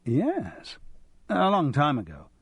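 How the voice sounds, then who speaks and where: A man's voice: on the high side, huge pitch swings, slow, fairly bright tone, slightly rough, no room sound, voice pushed up, exaggerated voice. A man voicing a wry, self-deprecating middle-aged actor in an audiobook. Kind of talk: audiobook character voice.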